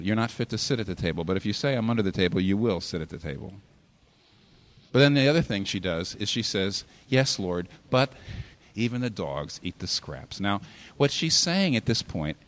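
In a hall, a male pastor with a medium-pitched voice preaches a sermon, his animated delivery rising and falling sharply for emphasis.

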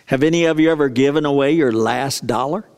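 Conversational pastor in an echoing hall. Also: male voice, mid-range voice, a little fast, darkish tone, clean tone. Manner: conversational, storytelling, asks the congregation questions. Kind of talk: sermon. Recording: long reverb of a large hall.

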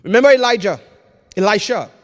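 A man preaching a sermon, swinging between hushed intensity and shouting. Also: high-pitched, expressive, fairly quick, big-room sound.

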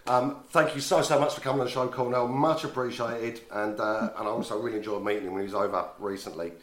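A man hosting a live radio show, talking in a chatty, upbeat way. His pitch sits in an ordinary middle range for a man, and he often restarts his phrases in small loops. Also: fairly even intonation, quick pace.

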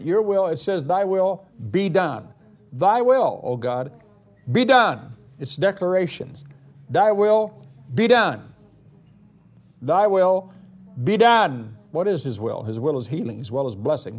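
A man preaching a sermon, slowing down for dramatic, emphatic declarations and then rushing through asides. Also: on the high side, darkish tone. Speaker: pastor.

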